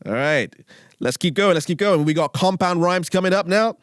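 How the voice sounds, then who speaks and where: A man's voice: sits high, moderate pace, smooth, dry recording, soft background music. Laid-back British man teaching lyrics. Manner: laid-back, checks in with "all right?" and "okay?". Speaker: lyric writing tutor. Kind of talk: casual instructional talk with rap examples. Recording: dry close mic with faint beat underneath.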